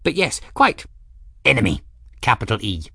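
A man's voice: lowish voice, wildly swooping pitch, measured pace, creaky, pushed and bright, dry recording, clean studio sound, full character voice. A man voicing an eccentric old male teacher who is testy and theatrical, in a storybook reading. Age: older.

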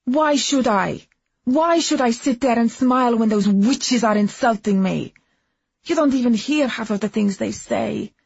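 A woman voicing a furious, sharp-tongued young wife, shouting through tears, on a dull, dry audiobook recording. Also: mid-range voice, flat delivery, brisk, vocal fry, hardly any pauses, husky, no echo. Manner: shouting, indignant, tearful.

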